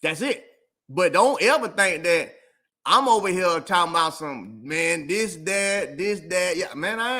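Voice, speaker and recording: Slangy black guy going off on his show, bright voice. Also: high-pitched, expressive, moderate pace. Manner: emphatic, repetitive, slangy. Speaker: vlog host. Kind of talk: animated casual rant.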